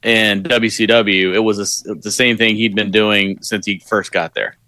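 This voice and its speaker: A man's voice: fairly low pitch, level tone, normal speed, sharp tone. A man co-hosting a casual podcast, mostly giving short agreeing replies and searching his memory. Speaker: podcast co-host.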